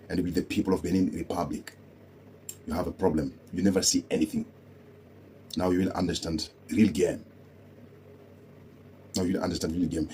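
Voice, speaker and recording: A deep-voiced man from Africa delivers heated political commentary. His voice is very husky and dark, and he fires off scornful rhetorical questions, repeating them for weight.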